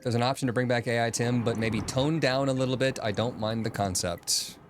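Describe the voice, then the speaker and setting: A man's voice: medium pitch, a little fast. A man streaming a video game, chatting casually, thinking aloud and answering his chat. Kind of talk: casual gaming commentary. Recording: game music playing behind.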